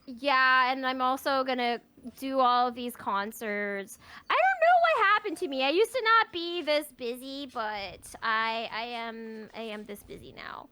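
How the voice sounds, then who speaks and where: A woman's voice: high voice, animated, unhurried, sharp tone, clean tone. A young woman, a VTuber co-host, chatting casually and bubbly, giggling often between words. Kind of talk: casual chat.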